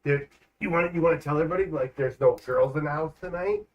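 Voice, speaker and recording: A man's voice: on the high side, lo-fi sound. A man livestreaming a game from home, chatting in a rambling, joking way. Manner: chatty and rambling, quick jokes. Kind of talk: casual gaming livestream chat.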